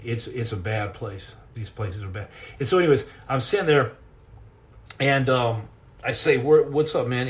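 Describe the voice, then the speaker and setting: A middle-aged man hosting a podcast, telling a personal story in an earnest, intense way, halting and repeating words as he goes. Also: medium pitch. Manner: earnest and intense, acts out quoted lines.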